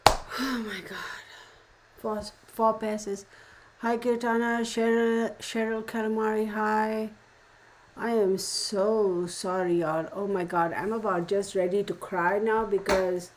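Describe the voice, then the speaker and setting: A woman's voice: mid-range voice, darkish tone, poor audio. Frustrated woman rambling on a livestream. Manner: frustrated, rambling talk with many restarts; addresses viewers as y'all. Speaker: tarot channel host greeting live chat viewers. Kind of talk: casual livestream chat.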